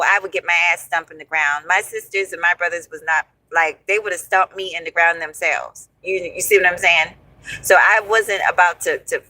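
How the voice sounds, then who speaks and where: A woman in her forties tells a story from her past, animated and profane, calling listeners honey and y'all. Her voice is bright and forceful, recorded close and dry with no room sound. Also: mid-range voice, no echo, poor audio. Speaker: storyteller host. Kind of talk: casual storytelling.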